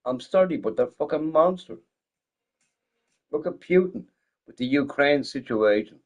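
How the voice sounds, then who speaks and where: A man's voice: a little high, animated, measured pace. Tipsy, rambling streamer guy, swearing. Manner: rambling, profane, laughs often. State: a little drunk. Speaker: game streamer. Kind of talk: casual live-stream chat.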